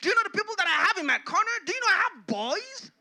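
A man voicing a proud, indignant woman who pleads for her sick child in a sermon, with shrill, rapid-fire questions. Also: sing-song, a bit bright, husky, heavily acted.

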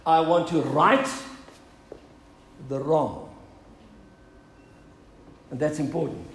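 A man's voice: high-pitched, vocal fry, roomy sound, a little hiss or hum, low-quality recording. A male pastor preaching an earnest sermon, building up to emphatic appeals and asking "Amen?".

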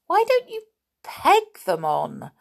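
A woman's voice: on the high side, huge pitch swings, slow pace, darkish tone, breathy edge, pitched above the performer's own voice, exaggerated voice. A woman voicing a giggly, sensible young girl in a children's story who is easily annoyed by silliness. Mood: lively, scolding.

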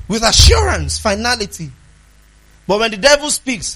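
A man preaching a sermon, emphatic, asking the congregation questions and swinging between loud declarations and hushed asides. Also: sits high, big pitch swings, normal speed, low-quality recording.

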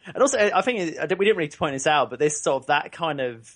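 A man's voice: fairly high pitch, expressive, fast talker, fairly bright tone. Man, podcast co-host, casual and hesitant, easy laughter. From United Kingdom. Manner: hesitant, many restarts, laughs easily. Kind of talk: casual chat.

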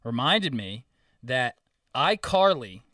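Young man, bright forceful voice, casual podcast chat, joking, profane, dry sound, a bit off-mic. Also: mid-range voice, slow, no room sound, distant mic. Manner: joking, profane, animated storytelling. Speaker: podcast co-host.

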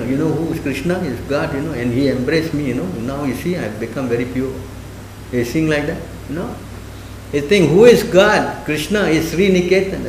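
A man with a fairly high voice teaches a spiritual sermon class conversationally, often questioning his listeners and acting out quoted speech. The room is echoey, with slight background noise.

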